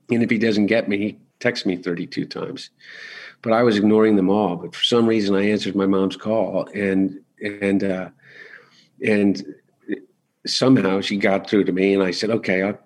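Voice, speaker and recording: A middle-aged man talking candidly as an interview guest, halting and restarting often as he searches for words. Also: deep voice, darkish tone. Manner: halting, with frequent restarts and fillers.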